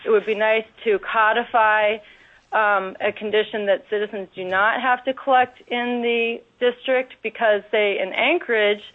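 A woman giving earnest, careful public testimony at a legislative hearing, pausing often with ums. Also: mid-range voice, fairly even intonation. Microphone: telephone. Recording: tinny phone line.

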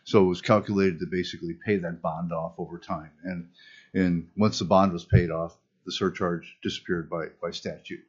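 A man serving as a state fisheries commissioner, giving measured, explanatory testimony to a legislative committee. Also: low voice, steady tone, slightly rough. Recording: muffled lo-fi hearing audio.

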